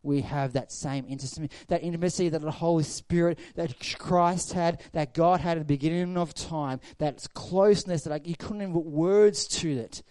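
Male pastor, middle-aged, sermon delivery, warm low-key tone, goes loud then hushed. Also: moderate pace, few pauses, smooth, no room sound. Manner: storytelling preacher, swings from loud to hushed.

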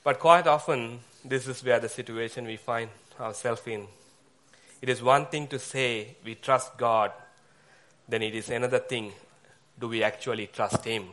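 A man preaching a sermon, speaking haltingly with fillers and pauses. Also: mid-range voice, fairly even intonation, fairly bright tone.

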